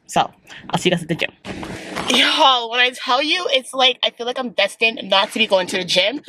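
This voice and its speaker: A young woman talks straight to her viewers in a loose, chatty vlog style. She is expressive and turns small annoyances into dramatic complaints. Her voice sits at an ordinary middle pitch, with a faint hiss in the background. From Canada. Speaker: fitness vlogger. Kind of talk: casual vlog chat.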